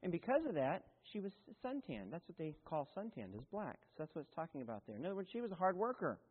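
A man preaches, his voice sitting high for a man. He talks in a folksy, chatty way, full of asides and restarts. The sound is thin and phone-like, ringing in a long-echoing hall. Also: sing-song, quick pace, slightly rough. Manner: folksy and conversational, with asides and self-corrections. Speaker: pastor. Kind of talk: sermon.

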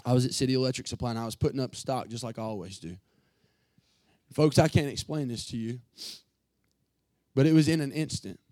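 A pastor preaching an emotional sermon from the pulpit, earnest and building to fervent passages. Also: male voice, mid-range voice, fairly quick, long pauses, darkish tone, no echo.

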